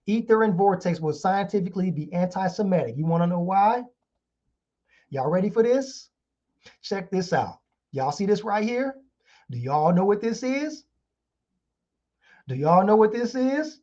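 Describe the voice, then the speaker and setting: Reading out articles and returning again and again to rhetorical questions, an online show host gives a heated, informal lecture. His voice sits high and a little mellow, and the audio is dull lo-fi.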